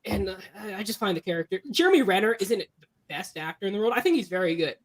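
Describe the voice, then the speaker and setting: A woman's voice: medium pitch, expressive, fast. A young woman hosting a casual movie review podcast, enthusiastic and playful, steering the talk. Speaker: podcast host.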